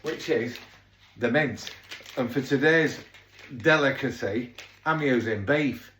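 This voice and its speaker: A man's voice: mid-range voice, slow, fairly bright tone. A man with a Yorkshire accent chatting casually as he cooks at home, rambling off into jokey asides. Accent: Yorkshire English. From Yorkshire, England. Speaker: home cook vlogger. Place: home kitchen. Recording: echoey kitchen, mic far off, noisy.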